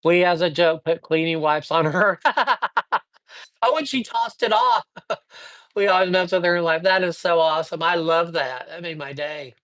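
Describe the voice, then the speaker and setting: A man hosting a casual live stream, telling ghost stories with lively acted-out dialogue and giving tarot readings to viewers. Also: on the high side, normal speed. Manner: lively storyteller who acts out dialogue. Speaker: live-stream host and psychic reader.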